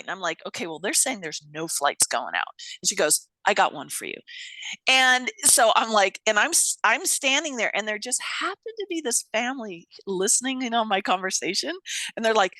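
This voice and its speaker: A woman telling a story in an animated way, swearing casually and acting out the voices of people she quotes. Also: mid-range voice, normal speed, dry recording. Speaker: guest.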